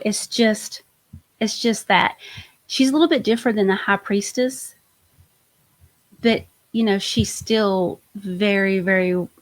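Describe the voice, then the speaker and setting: Chatty woman doing a live tarot reading. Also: mid-range voice. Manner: warm, chatty, enthusiastic, trails off and restarts. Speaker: host, tarot reader.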